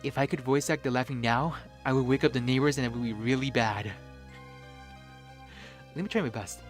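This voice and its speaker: A man streaming a story game, reading its narration slowly and dramatically and reacting excitably. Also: mid-range voice, soft background music.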